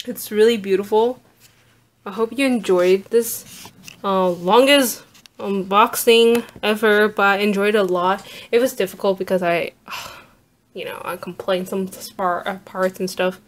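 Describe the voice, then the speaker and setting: A woman vlogger narrating an unboxing, gushing with awed exclamations and soft asides. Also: mid-range voice.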